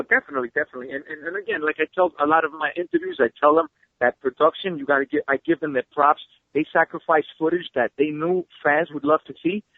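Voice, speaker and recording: A man guest telling stories in a casual interview, excitable and swearing freely, heard over a phone call. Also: on the high side, dry recording. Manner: fast, excitable storyteller who swears freely. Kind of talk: animated storytelling, casual interview. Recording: tinny phone line.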